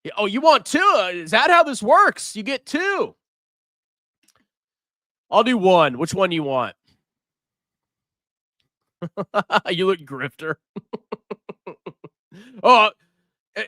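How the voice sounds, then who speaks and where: A man's voice: high-pitched, sing-song, takes it slowly, pauses often, sharp tone, no room sound, studio quality. A man hosting a live finance stream, reading viewer messages and mocking them with frequent laughter. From United States. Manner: teasing, mocking, laughs often. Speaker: livestream finance host.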